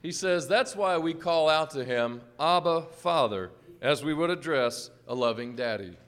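A man reading scripture aloud in a church service in a steady, affirming way. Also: on the high side, normal speed, smooth. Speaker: scripture reader. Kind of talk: reading scripture, congregational responses.

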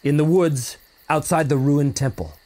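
A man's voice: fairly high pitch, moderate pace, darkish tone. A man narrating a tabletop role-playing game as game master, telling the story dramatically with fillers and restarts.

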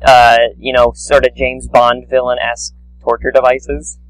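A man co-hosting a podcast, chatting casually about a cartoon in a rambling, animated, mocking way. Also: medium pitch, measured pace, dry recording, low-quality recording. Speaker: podcast co-host. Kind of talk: casual chat reviewing a cartoon.

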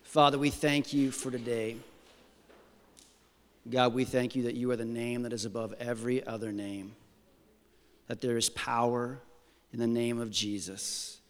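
Male pastor leading a calm prayer, average pitch, reverberant church room. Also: unhurried, pauses often, smooth. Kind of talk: spoken prayer. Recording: echoey church hall.

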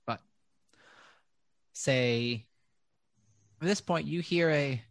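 A man's voice: fairly high pitch, dry recording. Man narrating as game master. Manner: casual, halting narration with fillers.

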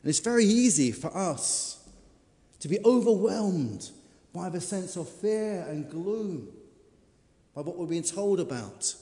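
A man's voice: high voice, expressive, takes it slowly, mellow. Male preacher in a reverberant hall. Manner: storytelling, dramatic, varied emphasis. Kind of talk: sermon.

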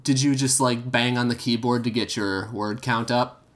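A man's voice: medium pitch, fairly even intonation, moderate pace. A man co-hosting a comedy podcast, joking and rambling with fillers. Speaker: podcast co-host.

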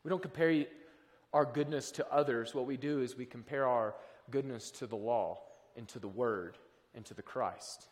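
A male pastor from the American South preaching a sermon in a conversational way, moving between quiet asides and loud, emphatic peaks, in a church sanctuary. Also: mid-range voice, normal speed. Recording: long reverb of a large hall.

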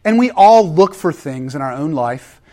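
A man delivers a sermon with a fairly high-pitched voice. He is animated, building emphasis and then pulling back into quiet, intense asides. The delivery is conversational, as a pastor addressing his congregation. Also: moderate pace.

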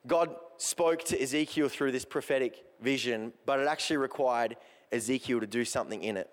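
A man's voice: medium pitch, brisk. A man preaching a sermon as pastor, driving his points home with repeated emphatic phrases. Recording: long hall reverb.

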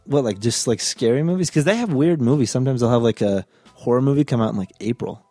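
A young man with a mellow, dark voice talks quickly in a blunt, joking, slangy way. It is recorded close and dry, with faint music behind him. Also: medium pitch, no echo. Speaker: podcast co-host. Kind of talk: casual chat.

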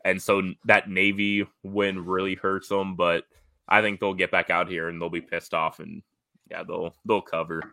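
Man, Midwestern accent, very low and bright voice, easygoing and self-mocking. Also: little pitch movement, moderate pace, vocal fry, no echo. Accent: Midwestern American. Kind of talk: casual sports betting chat.

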